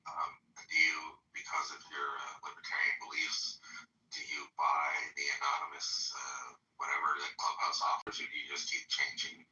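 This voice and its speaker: A soft-spoken man in a casual chat, talking in a breathy, low-key way. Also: little pitch movement, normal speed, echoey room, distant mic, poor audio. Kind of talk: casual chat on a live audio room.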